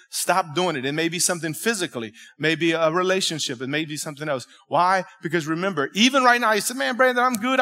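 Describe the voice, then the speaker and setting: A male pastor preaching a sermon in a church, telling a story in an animated, emphatic way and talking directly with the congregation. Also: fairly high pitch. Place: church sanctuary.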